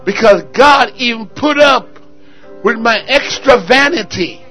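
A man preaching a fiery sermon, his voice very high and piercing. He shouts and rallies the church with call-and-response while soft organ-like music plays faintly behind him. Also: animated, measured pace. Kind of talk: fervent sermon. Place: church service.

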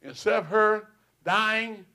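A high-pitched man preaches to his congregation in a church. He moves between soft, low storytelling and loud, ringing exclamations. Amens and hallelujahs punctuate his delivery. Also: slow. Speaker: pastor. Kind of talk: sermon.

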